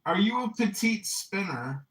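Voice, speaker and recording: A man hosting a casual talk show, teasing a caller in a deadpan, mock-earnest way. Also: high-pitched, a little slow, echoey room, recorded from a distance. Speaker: host. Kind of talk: casual chat, teasing call.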